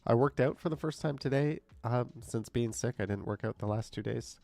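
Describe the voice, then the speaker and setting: Indoors on a live stream, a man with a cold reads viewer comments aloud and answers them in casual chat, his voice stuffed-up and nasal. It's medium-pitched, gravelly, and warm, at a normal speed with no room sound.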